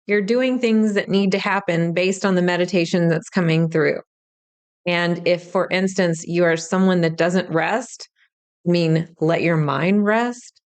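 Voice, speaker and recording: A woman's voice: mid-range voice, smooth. A woman hosting a solo spiritual podcast, talking straight to the listener in a chatty, reassuring way. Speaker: podcast host, spiritual teacher. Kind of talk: casual solo podcast talk.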